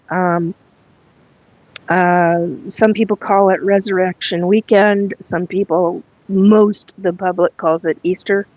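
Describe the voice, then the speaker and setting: A woman hosting a casual spiritual livestream, talking in a halting, rambling way with many fillers and asides to viewers, her voice a little cracked. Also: darkish tone, dry recording. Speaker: livestream host. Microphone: earphone mic plugged in. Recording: dull lo-fi livestream audio with faint rumble.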